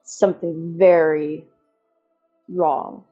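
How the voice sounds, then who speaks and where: A woman voicing an ancient, sorrowful tree spirit in a deep, resonant voice, speaking solemnly. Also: flat delivery, drawn-out words, mellow, dull audio, faint music behind, full character voice. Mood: grave.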